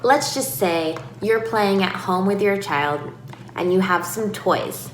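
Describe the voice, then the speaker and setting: A woman speech-language pathologist giving calm, clear instructions to parents and breaking into lively demonstrations now and then. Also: mid-range voice, slow pace. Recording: echoey room with faint noise.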